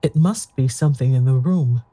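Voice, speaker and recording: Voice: medium pitch, moderate pace, mellow, husky, no room sound, lightly acted. A reader doing stammering, horrified Mrs Brigham. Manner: stammering, horror-stricken. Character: frightened middle-aged woman, Mrs Brigham.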